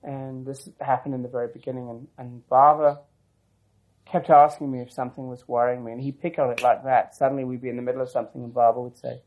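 A man's voice: medium pitch, little pitch movement, fairly quick, darkish tone, low-quality recording. Man rambling through a reflective memory. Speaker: interviewee. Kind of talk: oral history storytelling.

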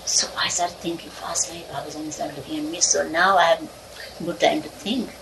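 Speaking at a normal speed with fairly even intonation, a low-voiced woman casually recounts a personal childhood story, wandering from point to point and often laughing between lines. It's a relaxed spoken reminiscence, picked up by a distant mic with clear background noise.

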